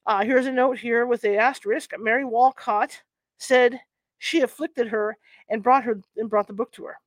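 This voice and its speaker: Lady host reading an old book out loud, slightly high voice, chatty asides, trips over old words, dry close sound. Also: fairly even intonation, no echo. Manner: chatty asides between halting read-aloud passages. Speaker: host of a paranormal reading channel. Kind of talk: reading a historical book aloud.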